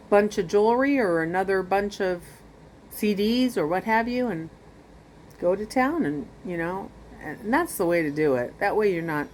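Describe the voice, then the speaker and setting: A woman's voice: fairly low pitch, slight background noise. A woman vlogging casually from her home about reselling, rambling with lots of fillers and restarts. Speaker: vlogger sharing reselling tips. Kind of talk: casual chat to camera.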